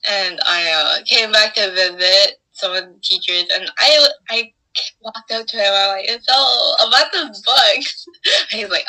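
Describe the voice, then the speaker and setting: Very bright-voiced young woman chatting. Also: mid-range voice, measured pace, rough recording. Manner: chatty, laughing, animated retelling of school moments. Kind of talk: casual chat.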